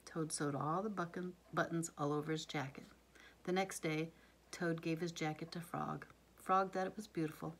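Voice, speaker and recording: A woman reading a bedtime story aloud to her child in a soft, hushed voice, often dropping to a whisper. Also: sits low, fairly even intonation, normal speed, slightly rough.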